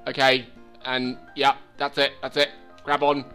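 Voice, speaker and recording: A man giving let's play commentary, excitable and swearing as he talks to the game. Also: mid-range voice, a little slow, smooth, faint music behind. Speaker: gaming channel host.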